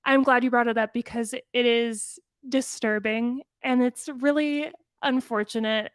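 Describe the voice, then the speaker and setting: A woman co-hosting a podcast, reviewing a cartoon episode in casual chat, animated and quick, full of "like". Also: a little high, clean tone, no room sound. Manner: animated, quick bursts, frequent "like". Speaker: podcast co-host.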